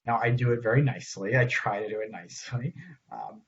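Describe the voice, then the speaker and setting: Male clinician-teacher, relaxed conversational delivery, acts out examples, lo-fi audio. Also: mid-range voice, fairly quick. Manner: conversational, acts out what he says to parents and kids. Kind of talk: recorded training talk.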